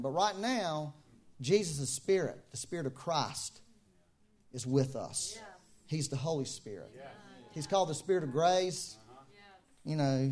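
High-voiced man preaching casually. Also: darkish tone. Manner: informal, repeats key phrases, many fillers. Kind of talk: conversational sermon.

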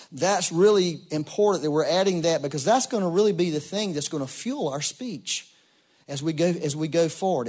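A middle-aged man preaching a sermon in a folksy, storytelling way, acting out quoted voices. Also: high voice. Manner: folksy, storytelling, animated quoting. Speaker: pastor.

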